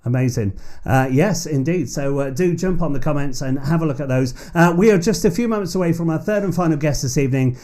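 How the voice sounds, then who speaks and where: A man hosting a live online chat show, relaxed and full of fillers. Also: a little high, quick pace, few pauses. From England. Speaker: host.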